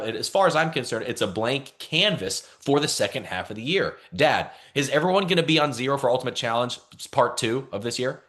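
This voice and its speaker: Male team leader on a video call, animated delivery with a lot of pitch movement, punchy repeated lines. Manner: energetic, repeats phrases, calls for responses. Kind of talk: motivational talk on a video call.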